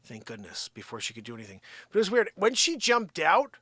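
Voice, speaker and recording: A man's voice: a little high, wildly swooping pitch, brisk, a bit bright, no room sound. A man hosting a live daily stream, chatting casually and joking as he tells a story and talks to his dogs. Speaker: livestream host.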